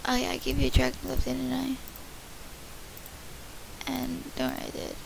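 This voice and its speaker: A high-pitched woman hosting a casual gift-opening vlog. She chats excitedly and thanks her viewers one by one, with a faint hiss behind her. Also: moderate pace, creaky. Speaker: channel host.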